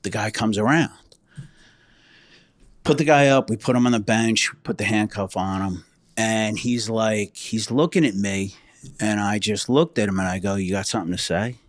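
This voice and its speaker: A fairly low-voiced man, a former state trooper, tells war stories on a podcast, blunt and profane. He acts out the lines other people said. His voice sits close to a dry studio mic with almost no room sound. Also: moderate pace, no room sound. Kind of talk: casual podcast storytelling.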